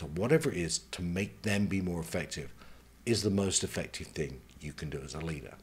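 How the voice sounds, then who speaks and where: A man acting as a career mentor gives advice in a measured, conversational manner, working through his points one at a time. His voice is low-pitched and slightly rough.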